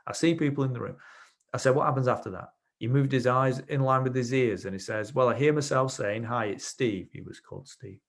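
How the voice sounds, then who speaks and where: A man giving a webinar on NLP, explaining techniques through client stories in a relaxed, chatty way and acting out what his clients said. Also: mid-range voice. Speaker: webinar presenter, NLP trainer. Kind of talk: explanatory webinar talk with anecdotes.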